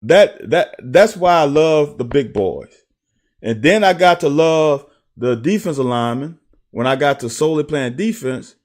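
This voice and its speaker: A young man, a former player, casually breaking down game film and telling profane, animated stories with quick laughs. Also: a little high. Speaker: football analyst.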